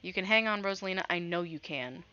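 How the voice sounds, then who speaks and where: A woman voicing a tearful teen girl in a game, speaking softly and apologetically. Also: fairly low pitch, lively intonation, fast talker, clean tone, muffled recording. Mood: distraught. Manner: soft, apologetic, shaky. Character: tearful teen girl comforting her friend.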